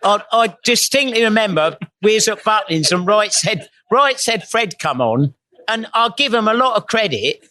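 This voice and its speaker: A man's voice: high voice, sing-song, moderate pace, bright, forceful tone, slight background noise. A middle-aged man, a guest telling blunt, sweary, rambling stories full of tag questions. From England. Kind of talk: anecdotal storytelling before a live audience.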